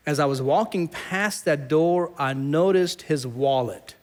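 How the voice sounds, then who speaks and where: A middle-aged man from South Asia preaches with a somewhat high voice, moving between teaching and storytelling. He acts out the people in his stories with animated, dramatic voices. His delivery is warm and lively, shaped for a congregation. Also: a little slow. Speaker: pastor. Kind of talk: sermon.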